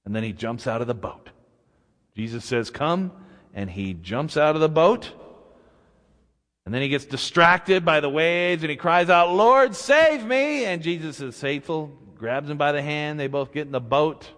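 A man's voice: on the high side, moderate pace, a bit bright. A male pastor preaching a sermon in a conversational way, with casual asides to the congregation, in a church sanctuary. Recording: long reverb in a church.

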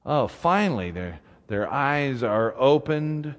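Slow-preaching pastor in a reverberant church. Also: male voice, mid-range voice, sing-song. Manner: slow, conversational preaching with asides. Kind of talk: sermon. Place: church sanctuary.

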